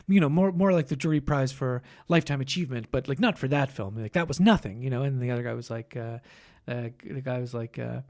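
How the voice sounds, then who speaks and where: A man's voice: mid-range voice, fast, a little mellow. A man hosting a casual podcast chat, rambling with many restarts and frequent laughs. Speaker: podcast host.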